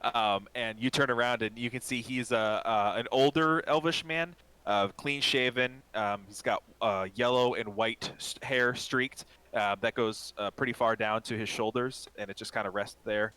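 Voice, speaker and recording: A man's voice: medium pitch, normal speed, few pauses, pushed and bright, smooth, low-quality recording. A man narrating as game master in a casual, rambling way, full of fillers and restarts.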